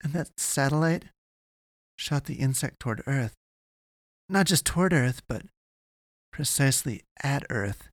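A man's voice: mid-range voice, expressive, unhurried, long pauses, dry recording, clean studio sound, pitched above the performer's own voice. A man voicing a frightened young woman explorer in an audiobook, speaking urgently and in a panic. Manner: urgent, panicked, then murmuring.

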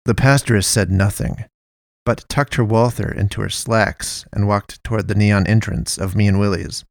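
Male narrator, lowish voice, measured storytelling, dry close mic. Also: steady tone, vocal fry, no room sound. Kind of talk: audiobook-style story narration.

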